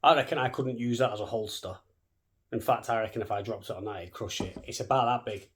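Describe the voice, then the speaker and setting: Man, thirties, casual vlog, fast cheeky talk, sweary, mid pitch. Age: 30s. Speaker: vlogger.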